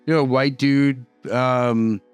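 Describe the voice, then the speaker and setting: A man tells a story in a loose, rambling way, filling his sentences with "like" and "you know." His voice is smooth and clear and sits at an ordinary pitch. The sound is dry and close, with faint music underneath. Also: fairly even intonation, slow, dry recording. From Boston. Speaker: YouTuber telling prison stories. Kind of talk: casual storytelling.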